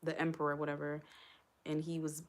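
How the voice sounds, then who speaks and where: A woman talks straight to her livestream viewers in a chatty, emotional way. Her voice sits a little low, and she sounds close to tears. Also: monotone, fairly quick. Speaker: livestream host. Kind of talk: casual livestream chat.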